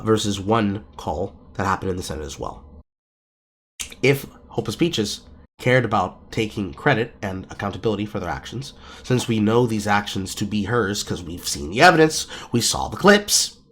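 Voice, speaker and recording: Emphatic man ranting on a podcast. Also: lowish voice. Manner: emphatic, lecturing, profane. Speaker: podcast host. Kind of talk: casual podcast commentary. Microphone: streaming mic.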